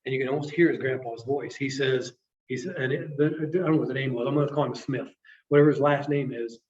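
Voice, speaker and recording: A man telling a personal story to an audience in a presentation, halting and repeating words, acting out the people he quotes, emotional at times. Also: medium pitch, a crowd in the background. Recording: distant, dull lo-fi sound.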